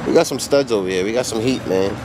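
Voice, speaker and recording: Hyped deep-voiced man showing off his dogs. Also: quick pace. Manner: hyped, slangy, talks straight to viewers. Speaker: dog breeder and kennel owner. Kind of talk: casual vlog walkthrough. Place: outdoors at a kennel yard. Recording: loud outdoor noise with traffic.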